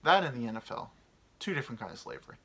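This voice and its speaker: A man's voice: medium pitch, sing-song, very fast, a bit bright. A man in his thirties hosting a solo podcast, rambling and crude, with lots of fillers. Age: 30s. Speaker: podcast host. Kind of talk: casual solo podcast monologue.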